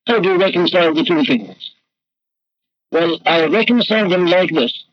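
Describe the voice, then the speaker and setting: A man's voice: fairly high pitch, lively intonation, normal speed, pauses often, no room sound. A man preaching a sermon in an emphatic, rhetorical way, his voice swelling and dropping. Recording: dull lo-fi archival recording with faint noise.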